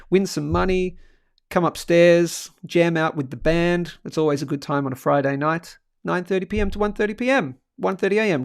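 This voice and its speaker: A man chats loosely on a livestream and keeps cracking jokes as he reads out viewer comments. His voice sits a little high and has a gravelly fry. The sound is close and dry, with no room echo. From Australia. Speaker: livestream host. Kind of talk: casual livestream chat.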